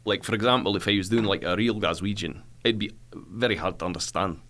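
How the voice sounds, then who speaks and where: A man with a trained baritone voice, chatting easily as a podcast guest about narrating audiobooks. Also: a bit bright. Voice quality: baritone singer's voice. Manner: easygoing, explains with quick accent samples. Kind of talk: casual podcast chat.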